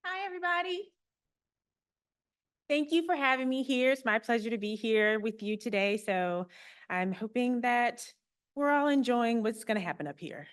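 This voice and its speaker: A woman's voice: a little high, moderate pace. A woman archivist giving a public talk to a live audience, friendly and explanatory with a light touch of humor.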